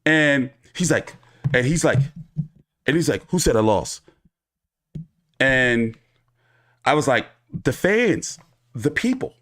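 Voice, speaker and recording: A man's voice: medium pitch, takes it slowly, pauses often. A man hosting a boxing commentary show, telling a story in a casual, profane monologue and acting out the people he quotes. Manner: animated, profane, acts out quoted people in his retelling.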